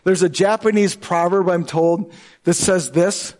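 Brief: male pastor, high voice, earnest and emphatic sermon delivery. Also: a little slow, darkish tone. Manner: earnest and emphatic, with shifting pace.

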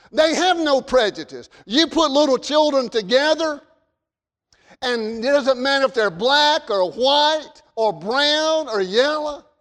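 A male pastor preaches a sermon in a church, his voice unusually high for a man. He pushes some phrases hard and lets others sink low and quiet. Long reverb from the sanctuary trails after his words. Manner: emphatic preaching, rising and dropping in volume.

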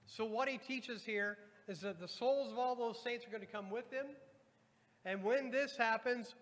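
High bright-voiced man preaching in a reverberant hall. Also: moderate pace. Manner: preaching, reads scripture aloud and addresses the congregation. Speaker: pastor. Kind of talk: sermon. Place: church sanctuary.

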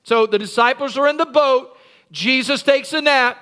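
A man preaching to his congregation in a bright, ringing voice that sits unusually high for a man. He tells the story with animated energy, acting out scenes and breaking into shouts. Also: moderate pace, smooth. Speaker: pastor. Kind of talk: sermon. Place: church.

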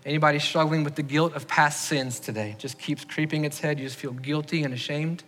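Bright-voiced pastor preaching in a reverberant hall. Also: male voice, on the high side, fairly even intonation, fairly quick, a little hiss or hum. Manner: earnest, leads the congregation in raised-hand questions. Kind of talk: sermon. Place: church sanctuary.

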